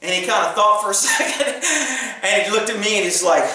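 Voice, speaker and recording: High-voiced storytelling ex-cop, echoey room. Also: male voice, fairly quick, far from the mic. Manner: profane, laughing, animated retelling with quoted dialogue. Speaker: retired police officer telling stories. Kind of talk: casual storytelling. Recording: echoey room, voice a bit off-mic.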